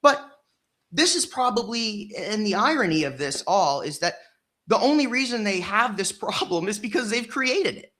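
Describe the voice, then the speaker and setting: Indignant guest, emphatic, bright sharp voice, mid pitch. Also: very animated, moderate pace. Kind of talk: live-stream discussion.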